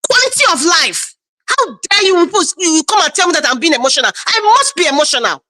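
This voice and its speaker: A woman's voice: extremely high pitch, very animated, quick pace, sharp tone. A woman from Nigeria giving passionate political commentary on a live stream, emphatic and repeating lines for stress. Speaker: panel guest.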